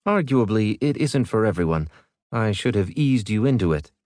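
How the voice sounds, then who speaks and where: A man voicing a calm, literal-minded male ship AI with precise, dry delivery. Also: fairly low pitch, normal speed, no echo, lightly acted. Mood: deadpan.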